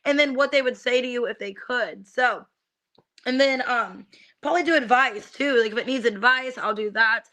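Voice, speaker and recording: A young woman streams a live tarot reading, chatting loosely and unscripted with plenty of ums, little asides, and greetings to viewers by name. Her slightly high voice is bright and forward, and she talks at a normal speed.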